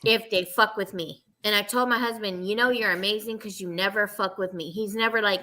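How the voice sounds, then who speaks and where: A woman's voice: mid-range voice, steady tone, fairly quick, hardly any pauses, bright, forceful tone. A woman podcast host telling candid, profane stories about herself in casual chat. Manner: candid, profane confessional storytelling.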